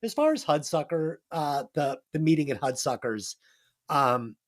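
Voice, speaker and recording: A man's voice: a little high, very animated, a little slow. Enthusiastic swearing man reviewing movies. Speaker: podcast co-host. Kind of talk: casual movie review chat.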